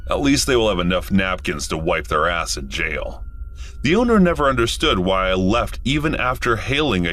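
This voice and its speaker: A man's voice: low voice, fairly bright tone. A man narrating a first-person story in a matter-of-fact storytelling manner.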